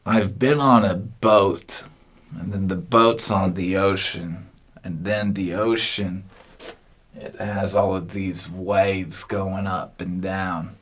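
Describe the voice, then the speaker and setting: A man delivering a rambling comic monologue, halting and meandering with long pauses between phrases. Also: low voice, steady tone, fairly bright tone, breathy edge.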